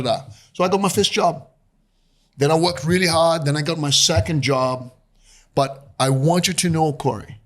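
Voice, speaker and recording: A lively man in his fifties with a Brazilian Portuguese accent tells his story as a guest, jumping into acted-out voices as he goes. His voice sits a little high for a man, and his pitch swings widely from line to line. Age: 50s. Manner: animated storyteller who acts out voices. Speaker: guest investor. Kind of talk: storytelling interview.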